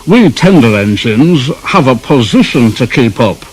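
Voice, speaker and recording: A man's voice: medium pitch, very animated, unhurried, slight background noise, low-quality recording. A man voicing a pompous, condescending big steam engine. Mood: haughty. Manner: pompous, patronizing, drawn out.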